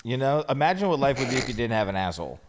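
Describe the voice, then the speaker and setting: A man's voice: medium pitch, very animated, very fast, a little hiss or hum. A man on a casual podcast making blunt, crude jokes. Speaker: podcast guest.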